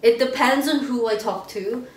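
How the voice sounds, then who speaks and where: Casting: woman, 20s, slightly high voice, upbeat podcast banter, recorded far from the mic. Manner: animated, laughing, quick reactions. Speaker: podcast co-host. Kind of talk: casual late-night chat. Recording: roomy, distant mic, faint hiss.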